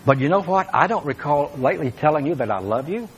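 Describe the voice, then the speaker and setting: A man's voice: fairly high pitch, animated, fast talker, a little hiss or hum, low-quality recording. Earnest male pastor preaching. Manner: earnest, emphatic preaching with asides to the congregation. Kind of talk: sermon.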